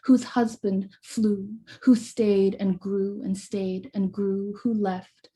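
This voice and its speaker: Woman poet reading her own verse over a video call, warm and mellow, steady rhythmic delivery. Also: medium pitch. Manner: measured, rhythmic recitation with soft hesitant asides.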